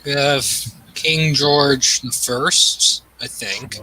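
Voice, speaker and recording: A man hosting a gaming channel, chatting casually and excitably, thinking aloud with lots of fillers. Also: medium pitch, drawn-out words, poor audio. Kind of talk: casual chat while gaming.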